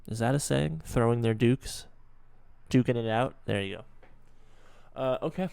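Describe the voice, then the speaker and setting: Smooth-voiced young man hosting reactions. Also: mid-range voice, moderate pace, darkish tone, no echo. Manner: chatty, stops to explain and joke. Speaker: reaction video host. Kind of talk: casual reaction commentary.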